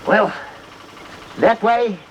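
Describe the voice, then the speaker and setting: An actor playing a boastful, joking petrol station owner, full of chuckling bluster. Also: male voice, high voice, very slow, lo-fi sound, slight background noise. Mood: cocky, jokey. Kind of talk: sitcom acting.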